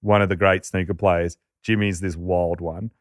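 Australian male storyteller, low voice, lively, laughs a lot, does voices, dry close mic. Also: normal speed, dry recording. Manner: lively anecdote-telling, laughing, acting out quoted voices. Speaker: podcast storyteller. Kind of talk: casual storytelling chat.

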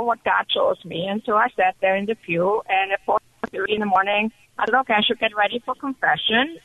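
A woman calling in to a radio show, telling her story with excited, animated energy over the telephone. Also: a little high, no room sound. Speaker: caller. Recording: dull phone line.

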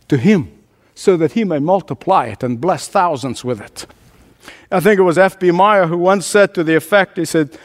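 A high-pitched man delivering a sermon. He drops to soft, low asides, then climbs into emphatic, rising runs, chuckling between lines. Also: moderate pace. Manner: preaching with dramatic swings of pitch and loudness, builds to emphatic climaxes. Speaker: pastor.

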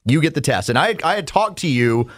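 A man hosting a comedy podcast, reading sponsor spots and recounting events step by step in a steady, methodical way. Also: a little high, fairly quick. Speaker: podcast host and radio host. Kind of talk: casual comedic podcast talk.

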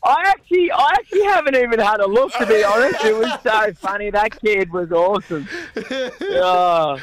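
A man on a phone call, talking slowly, laughing and slurring his words. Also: high-pitched, expressive, crowd noise. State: intoxicated. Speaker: phone guest. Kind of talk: casual phone chat.

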